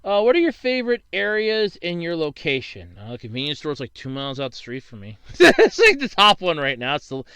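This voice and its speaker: A man's voice: a little high, wildly swooping pitch, fairly quick, hardly any pauses, pushed and bright, clear, resonant tone, no echo, lo-fi sound. Casual young man rambling through Q&A. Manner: rambling, swears and rants when annoyed. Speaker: YouTuber answering viewer questions. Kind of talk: casual Q&A monologue.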